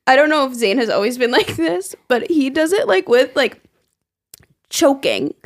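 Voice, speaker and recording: A woman's voice: sits high, very animated, moderate pace. A young woman co-hosting a podcast in casual chat, giggling and laughing through her stories. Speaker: podcast co-host.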